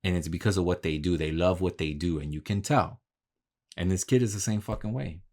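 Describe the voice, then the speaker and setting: A man's voice: sits low, fairly quick, darkish tone. A man talking in a casual, candid vlog monologue, swearing freely and telling stories about his work. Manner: profane, candid, talks through stories. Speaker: vlogger.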